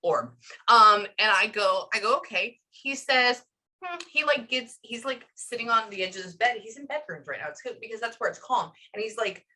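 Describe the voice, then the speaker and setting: A woman's voice: on the high side, normal speed, bright, forceful tone. A woman working as a psychic medium, relaying messages in a chatty, emotional reading session full of fillers.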